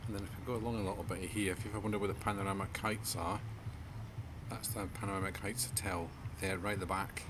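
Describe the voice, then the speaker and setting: A man's voice: sits low, fairly even intonation, fast talker, noisy background. Chatty man vlogging outdoors. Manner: chatty, addresses viewers as folks. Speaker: travel vlogger. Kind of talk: casual travel vlog.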